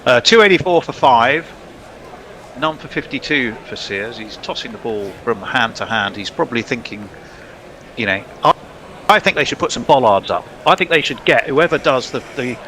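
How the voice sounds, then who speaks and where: A man's voice: mid-range voice, lively intonation, moderate pace, pushed and bright, slight background noise. A man doing ball-by-ball cricket commentary in a playful, joking way, often laughing. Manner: playful, laughing, jokey banter.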